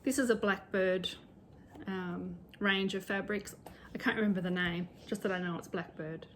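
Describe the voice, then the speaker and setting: Speaking at a normal speed in a mid-range voice with fairly even intonation, a middle-aged Australian woman chats about home sewing and stitching, with a slight hiss or hum behind her. She's a cross-stitch vlogger, chatty and rambling, and sometimes teases herself.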